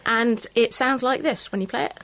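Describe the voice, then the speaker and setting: A woman's voice: on the high side, normal speed, over loud music. A woman co-presenting on radio, chatty and upbeat as she demonstrates instruments in the studio.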